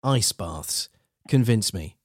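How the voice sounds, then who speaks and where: Relaxed man hosting a podcast. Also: lowish voice, slow, dry recording, studio quality. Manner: easygoing, encouraging, laughs along. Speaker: podcast host. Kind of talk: casual podcast interview.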